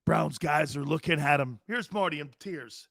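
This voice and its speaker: A man from Connecticut hosting a sports talk show, rambling excitably, laughing often and talking in a casual way. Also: a little high, normal speed, creaky, no echo, studio quality. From Connecticut, United States.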